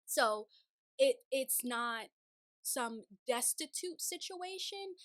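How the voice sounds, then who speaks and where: Lively lady talking through a tv recap, kinda high voice, super dry close mic. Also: takes it slowly, no room sound. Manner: chatty, animated, paraphrases in playful voices. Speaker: show recap host. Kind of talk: casual recap commentary. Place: city home, sirens outside.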